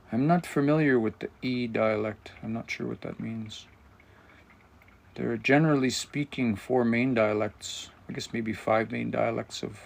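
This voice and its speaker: A man leads a live language lesson, his voice gravelly with fry. He talks things through out loud, stopping now and then to find the right word while he explains the grammar. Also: mid-range voice. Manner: thinking aloud, explanatory, searching for words. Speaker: language teacher and livestream host.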